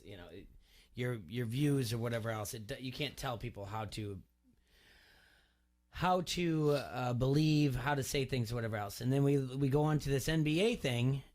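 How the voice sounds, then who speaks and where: A man co-hosting a sports talk radio show from the studio, talking in a rambling way with many restarts. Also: mid-range voice. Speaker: radio co-host.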